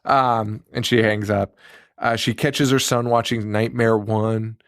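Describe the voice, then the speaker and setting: A man's voice: on the low side, unhurried, clean tone, dry recording. Male podcast co-host, casual profane film recap, acts out quotes, dry close mic. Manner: profane, animated retelling with acted-out quotes. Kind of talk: casual movie recap chat.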